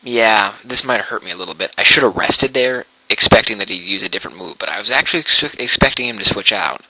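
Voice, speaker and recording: A man's voice: mid-range voice, sing-song, fast, gravelly, bright, forceful tone, no echo, low-quality recording. Young man rambling over his game replay. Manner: rambling, self-correcting, frequent ums. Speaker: gamer commentating his battle. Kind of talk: casual gameplay commentary.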